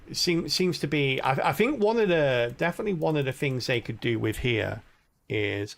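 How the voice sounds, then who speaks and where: A man's voice: mid-range voice, vocal fry, fairly bright tone. A middle-aged man streaming a game live, rambling and thinking aloud as he plays. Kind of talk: live gameplay commentary.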